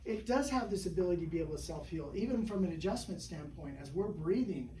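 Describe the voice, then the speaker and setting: A man's voice: sits high, expressive, quick pace, dark tone. A man who works as a chiropractor, telling patient stories in a casual interview and rambling with lots of "you know" and "right?". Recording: echoey room, mic at a distance, faint background hum.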